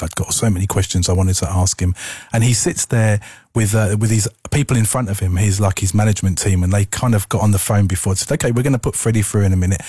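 A man's voice: lowish voice, darkish tone, breathy edge, no echo, studio quality. A man presenting on the radio, telling a story in a casual, rambling way with frequent ums. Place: radio studio.

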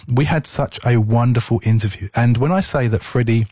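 A man's voice: medium pitch, a little fast, dark tone, husky, dry recording. A man presenting on the radio, telling a story in a casual, rambling way with frequent ums. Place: radio studio.

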